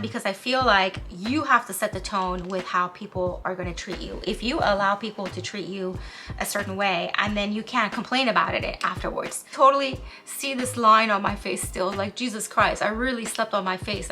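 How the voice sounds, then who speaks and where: A woman's voice: mid-range voice, pushed and bright. A woman talking candidly to camera while doing her makeup, a vlogger and spiritual counselor sharing heartfelt, self-soothing advice.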